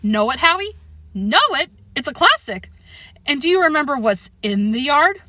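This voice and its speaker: Lady putting on a jumpy paranoid tomcat voice, kinda high and bright, storybook style. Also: very animated, moderate pace, no echo, exaggerated voice. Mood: insistent. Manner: insistent, theatrical warnings. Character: paranoid dramatic male house cat. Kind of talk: audiobook reading.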